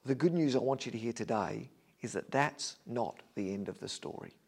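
A man preaching a sermon as a vivid story, his voice swinging between loud and hushed. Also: mid-range voice, moderate pace, creaky, breathy edge.

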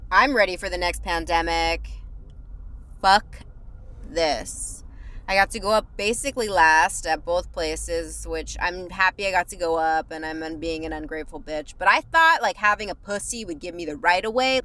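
A woman's voice: on the low side, moderate pace, pushed and bright. Woman comedian, sarcastic profane rant, recorded in her car, casual podcast vlog, young adult. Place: car in freeway traffic at night.

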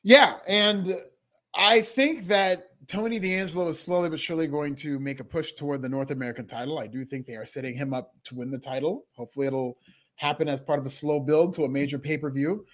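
A man's voice: a little high, fairly even intonation, a little fast, fairly bright tone. A man co-hosting a casual podcast, sharing gushing, enthusiastic opinions. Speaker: podcast co-host. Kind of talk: casual wrestling podcast chat.

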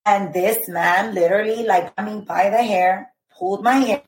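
A woman in her thirties, a podcast guest earnestly recounting a personal story, pausing and restarting with many "like"s and "I remember"s. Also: medium pitch, steady tone. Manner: earnest, halting retelling with frequent "like" and "I remember". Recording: roomy echo.

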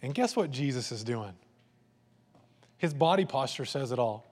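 A man preaching a sermon in a conversational, animated way, acting out voices and asides. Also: mid-range voice, moderate pace. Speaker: pastor. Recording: long hall reverb.

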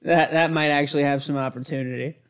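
A podcast host in casual chat, unhurried and self-mocking. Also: medium pitch, steady tone, clean tone.

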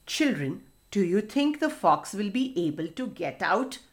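A woman telling a storybook tale to children, expressive and speaking to them directly. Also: medium pitch, measured pace.

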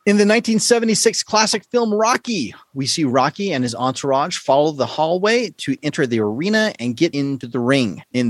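A man hosting a casual podcast quiz, playful and quick to laugh. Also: mid-range voice, no room sound. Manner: playful, laughs often, lively delivery. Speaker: quiz show host.

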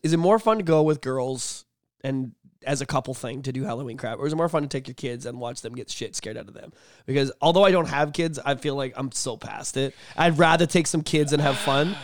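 A man's voice: a little high, no echo, clean studio sound. A man in his thirties chatting casually on a podcast, rambling and swearing freely as he tells stories. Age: 30s. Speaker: podcast co-host. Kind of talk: casual chat.

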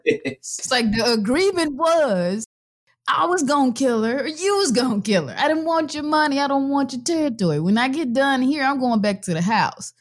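A woman's voice: high voice, expressive, normal speed. A woman co-hosting a casual comic review, retelling scenes with quoted lines and frequent laughter. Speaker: podcast co-host reviewing a comic. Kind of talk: casual chat.

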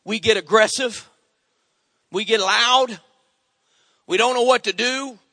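A middle-aged male pastor preaching a sermon in an animated way, calling on the congregation for amens. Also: very high voice, slow pace, no echo.

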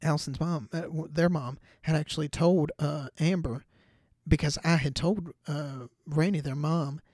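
A man's voice: on the high side, steady tone, moderate pace, darkish tone, no room sound, studio quality. Rambling young man telling a story. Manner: rambling, full of "like" and "you know". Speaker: podcast host. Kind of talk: casual storytelling monologue.

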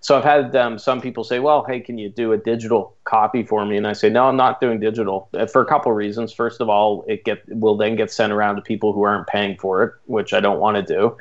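A man's voice: on the low side, fairly even intonation, fast talker, few pauses. A man with a Canadian accent, chatting casually as a guest about his newsletter, laughing easily. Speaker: guest, coaching newsletter publisher. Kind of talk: casual interview talk. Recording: lo-fi sound.

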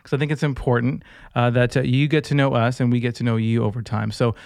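A man's voice: medium pitch, flat delivery, quick pace, gravelly, darkish tone, dry recording, clean studio sound. A man hosting a faith podcast in an upbeat, joking, chatty manner. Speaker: podcast host. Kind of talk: casual podcast chat.

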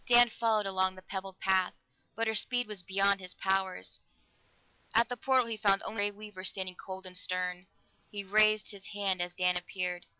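A woman reading a story aloud in an expressive narrating manner, recorded close. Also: medium pitch, normal speed, clear, resonant tone, dry recording, rough recording. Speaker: audiobook narrator. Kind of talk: scripted narration.

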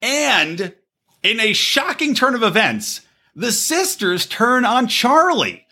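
A man hosting a podcast, chatting casually and profanely, acting out quotes in high squeaky voices. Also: slow pace, slightly rough. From Los Angeles area. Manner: animated, swearing, acts out quotes in high voices. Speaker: podcast host.

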